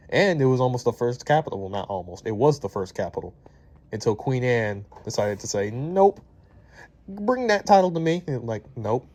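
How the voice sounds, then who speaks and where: A man's voice: fairly low pitch, darkish tone. A young man from Maryland with a Baltimore accent, chatting casually through a video while getting sidetracked and laughing at his own slips. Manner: chatty, distracted, laughing at himself. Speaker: vlogger. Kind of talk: casual commentary over gameplay.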